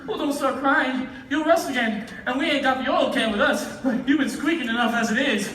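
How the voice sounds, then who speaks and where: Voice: sits high, fairly quick, a bit bright, slight background noise. A performer playing a cheerful, scheming scarecrow on a school stage, eager and exclaiming. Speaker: stage actor in a school musical. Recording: distant phone recording in an echoey auditorium with music.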